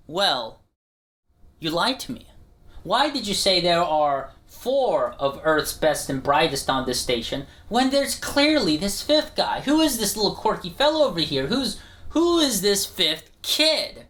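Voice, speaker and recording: A man giving a casual, joking pitch for an animated show in an energetic, conversational way. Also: unhurried.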